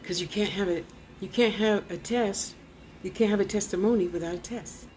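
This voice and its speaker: A woman's voice: medium pitch, moderate pace, slight background noise. A woman vlogger and spiritual teacher telling a personal testimony in a chatty way. She acts out other people's lines, drops into whispers and fills her talk with "you know" asides. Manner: animated, acts out quoted voices and drops to a whisper. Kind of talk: casual storytelling testimony.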